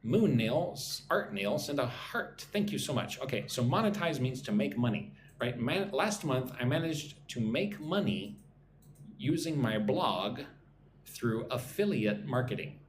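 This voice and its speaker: A man's voice: mid-range voice, animated, measured pace, echoey room, a little hiss or hum. A man teaching English on a live stream, reading chat comments and drilling pronunciation.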